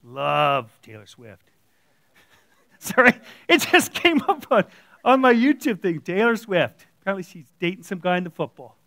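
Male lay preacher, very high pitch, plain-spoken and blunt, dry close recording. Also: bright, forceful tone, no room sound. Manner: blunt, conversational, acting out quoted voices. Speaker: church elder preaching. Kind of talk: informal sermon. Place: church room with audience.

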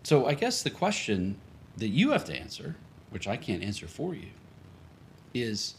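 A man's voice: lowish voice, wildly swooping pitch, moderate pace, pauses often, slight background noise. A male pastor preaching a sermon in a loose, conversational way, often restarting sentences and chuckling as he tells a story.

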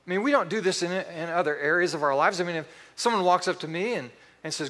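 A middle-aged man preaching a sermon, telling animated stories with acted-out quotes. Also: sits high, quick pace, few pauses, big-room sound. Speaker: pastor.

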